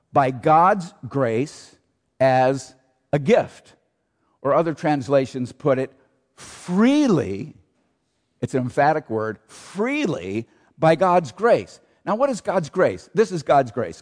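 A man preaching a sermon as pastor, emphatic, asking rhetorical questions and repeating key phrases. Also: a little high. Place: church sanctuary. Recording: long church reverb.

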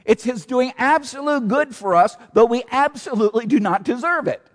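Emphatic high-voiced pastor in a reverberant church. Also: male voice, animated, moderate pace. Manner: emphatic, rhetorical questions, repeats key phrases. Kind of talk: sermon. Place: church sanctuary.

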